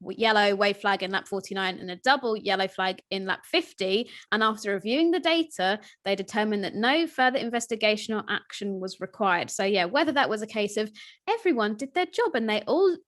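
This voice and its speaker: A woman's voice: medium pitch, lively intonation, a little fast, a bit bright. A young woman co-hosting a casual podcast chat over a call, talkative and laughing often. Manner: chatty, laughs often, puts on mock voices. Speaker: podcast co-host. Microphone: video call.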